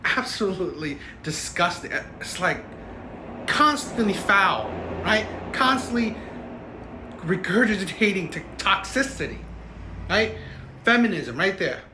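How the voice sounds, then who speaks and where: A man's voice: high-pitched, very animated, unhurried, background noise. A man hosting reaction commentary, ranting and tagging his points with "right?". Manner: ranting, keeps asking "right?". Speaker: commentary host. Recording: echoey room.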